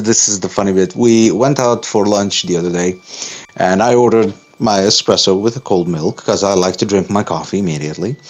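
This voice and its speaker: A man with a somewhat low voice, co-hosting a podcast. He tells stories in stops and starts, chuckling along, while faint music plays beneath. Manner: halting, storytelling, chuckling. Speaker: podcast co-host. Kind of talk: casual chat.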